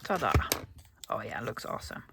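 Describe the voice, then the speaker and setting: A Dutch woman with a Dutch accent, a native Dutch speaker chatting casually as she narrates her crafting, often dropping into a soft whisper. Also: moderate pace, heavy background noise. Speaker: crafting channel host.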